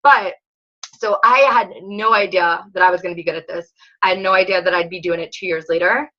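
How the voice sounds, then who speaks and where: Excitable female health coach, bright voice, story-driven pep talk, casual and a bit profane, dull lo-fi recording. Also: lowish voice, a little fast. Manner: excitable storyteller, acts out quotes, many "like"s, casual swearing. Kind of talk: motivational talk to her coaching team.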